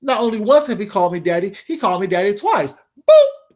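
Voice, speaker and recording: A man's voice: high-pitched, lively intonation, fast. A man giving a brash, confrontational casual monologue as an online commentator.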